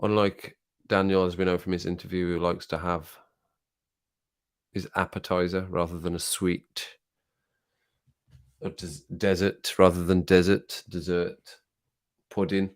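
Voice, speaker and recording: A man's voice: deep voice, little pitch movement, a little slow, pauses often. Chatty man on a live stream. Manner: chatty, reads viewer comments aloud, laughs often. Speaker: music reaction streamer. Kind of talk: casual live stream chat.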